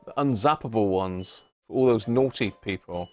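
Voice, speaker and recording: A man's voice: fairly low pitch, moderate pace, a little mellow, no echo. Chatty man hosting a livestream. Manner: chatty, laughs often, greets viewers by name. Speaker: livestream host. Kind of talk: casual live chat reading viewer messages.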